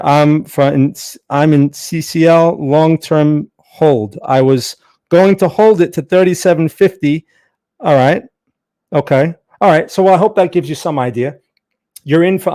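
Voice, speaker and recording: A man's voice: on the high side, mellow. A man hosting a live trading stream, answering viewer questions casually and thinking aloud with frequent repeated words. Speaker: trading livestream host. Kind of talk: live Q&A on market charts.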